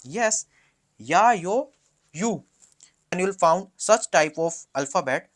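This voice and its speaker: A language teacher slowly explaining letters, with frequent fillers and hesitations, a Hindi native speaker. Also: medium pitch, animated. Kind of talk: alphabet lesson.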